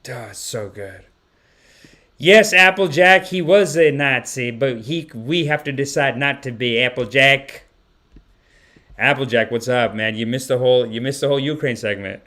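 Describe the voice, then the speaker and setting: A man hosting a casual livestream podcast, reacting to clips with lively joking commentary, laughing often and talking straight to his chat. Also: medium pitch.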